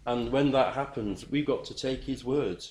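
A man's voice: mid-range voice, normal speed, darkish tone. Earnest preacher man. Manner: earnest, emphatic, repeats words when building a point. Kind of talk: sermon.

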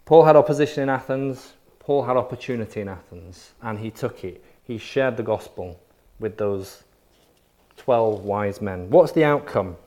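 Brief: male preacher, mid pitch, emphatic, punchy repetition. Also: a little mellow. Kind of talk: sermon.

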